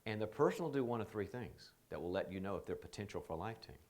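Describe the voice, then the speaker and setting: A man gives a leadership training session in a fairly low voice that climbs and dips widely as he talks. He tells stories with energy and acts out the people he quotes. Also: fast. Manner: animated storytelling, acting out quoted people. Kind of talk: seminar talk.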